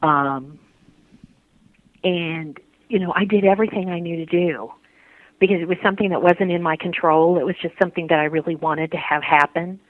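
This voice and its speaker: A woman interviewee talking earnestly about her faith, halting and restarting often. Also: lowish voice, dry recording. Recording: tinny phone-line sound, dry.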